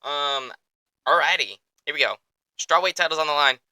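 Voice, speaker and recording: A young man hosting a sports podcast in an excitable, rambling, profane way, close to the mic. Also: a little high, normal speed, gravelly, no echo, rough recording. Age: young adult. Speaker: podcast host. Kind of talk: casual chat.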